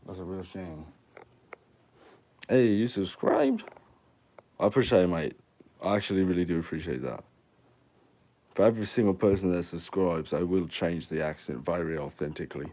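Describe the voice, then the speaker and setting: A young man with a very deep, low voice rambles through crude, joking banter with his viewers. He talks off the cuff and swears freely, the way a musician chats on a casual livestream. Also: animated, normal speed, long pauses, mellow.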